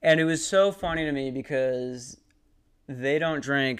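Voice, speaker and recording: A young man hosts his podcast alone, rambling loosely through a story with plenty of swearing and jokes at his own expense. His voice is smooth and resonant, sitting in a middle pitch. He sounds worn out from too little sleep. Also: normal speed. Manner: profane, self-deprecating, rambling. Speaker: podcast host. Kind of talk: casual rambling monologue.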